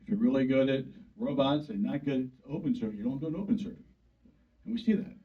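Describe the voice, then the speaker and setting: A man's voice: medium pitch, expressive, fast talker. Blunt, folksy older man, tinny and distant. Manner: folksy, blunt, plain-spoken, acts out quoted dialogue. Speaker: urologist speaking to a club. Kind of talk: informal talk to an audience. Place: meeting room. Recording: distant mic over a tinny phone-like line.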